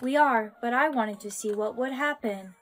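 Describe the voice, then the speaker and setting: Curious girl robot from a tts woman voice, high, flat synthetic tone. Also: moderate pace, natural voice. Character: curious female household robot.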